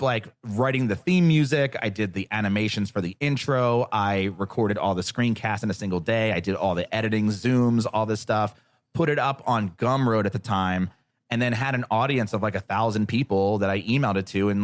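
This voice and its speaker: A man as a podcast guest, telling a story in casual chat, animated, sarcastic and freely profane. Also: on the low side, normal speed.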